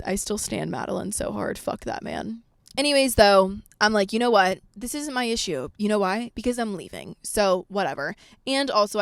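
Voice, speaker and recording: Young woman podcaster, casual animated storytelling, swears a ton, mid pitch, dry close sound. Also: gravelly, no echo. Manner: animated, swears a lot, acts out her own past lines. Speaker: podcast host.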